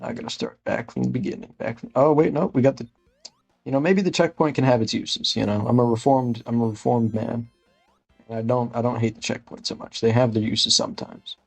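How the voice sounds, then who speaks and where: A man doing comedic gameplay commentary in an impression of a gaming creator, rambling through absurd deadpan jokes and cursing in frustrated outbursts. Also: mid-range voice, a little fast, vocal fry, soft background music.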